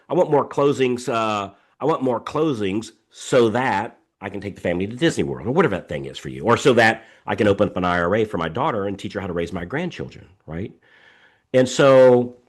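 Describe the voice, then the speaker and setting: A middle-aged man hosting a live coaching session over a video call, talking emphatically, repeating himself, and telling stories. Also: mid-range voice. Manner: emphatic, repetitive, animated storytelling. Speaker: coaching host. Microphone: video call microphone.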